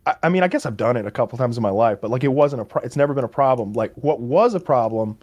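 A man's voice: mid-range voice, animated, fast, a little mellow. A man co-hosting a podcast, telling loose stories full of fillers and swearing. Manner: loose, profane, rambling with many fillers. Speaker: podcast co-host. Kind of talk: casual chat, storytelling.

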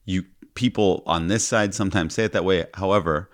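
Deadpan self-mocking man co-host, lowish voice. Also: a little fast, no room sound, clean studio sound. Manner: self-deprecating, deadpan joking. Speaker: podcast co-host. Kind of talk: casual chat.

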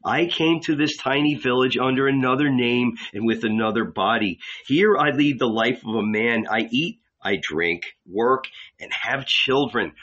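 A furious middle-aged man who insists he is Jesus, as an audiobook reader puts him on, pouring out a confession in a hot, rushing torrent. The voice is bright and forceful, and it comes through a dull, lo-fi recording. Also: medium pitch. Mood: raging confession. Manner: shouting, confessing in a rush.

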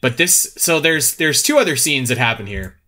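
On a podcast he co-hosts, this man keeps the conversation loose and lively, cursing without restraint and breaking into laughter often. He speaks at a moderate speed in a mid-range voice.

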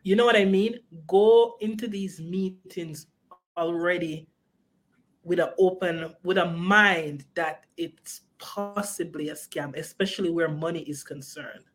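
Animated woman with a lilt. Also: lowish voice, measured pace. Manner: animated, repeats herself, frequent "you know what I mean". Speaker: film writer and director, guest. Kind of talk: casual interview.

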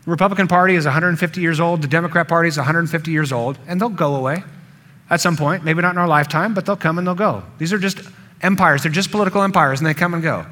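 A man's voice: a little high, quick pace, pushed and bright. A man preaching a sermon, earnest, building emphasis through repetition. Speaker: pastor.

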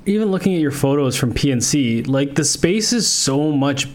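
A man's voice: a little high, animated, normal speed, darkish tone. A man co-hosting a podcast, bluntly airing strong opinions in casual chat. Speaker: podcast co-host.

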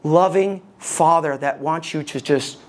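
A man's voice: on the high side, measured pace, a little hiss or hum. A man preaching a sermon as pastor, impassioned, his voice rising when he acts out prayers.

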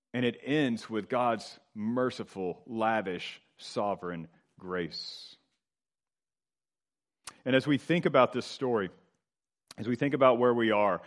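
A middle-aged man delivers a sermon at an ordinary pitch. He builds to loud, emphatic lines and then sinks to soft, low endings, slowing down on key words. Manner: expressive preaching, swelling louder then dropping low and quiet. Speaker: pastor.

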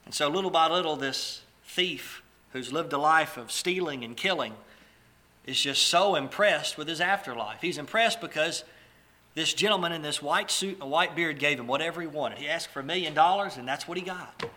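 A man's voice: a little high, moderate pace, bright, forceful tone. A man preaching a sermon in a conversational way, telling stories with small restarts and asides.

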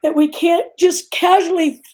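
A woman's voice: very high-pitched, steady tone, moderate pace, mellow. A woman guest on a faith talk show, speaking earnestly and emphatically.

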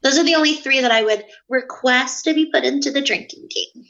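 A woman's voice: sits high, fairly quick, creaky, lo-fi sound, a loud crowd. A woman in casual chat, laughing often and acting out movie lines as she talks. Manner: giggly, animated, acts out movie lines.

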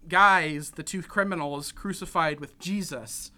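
Bright-voiced young man rambling through a recap. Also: fairly high pitch, measured pace. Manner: rambling recap full of "like" and "you know", acting out quotes. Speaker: podcast co-host recapping a film. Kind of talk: casual chat.

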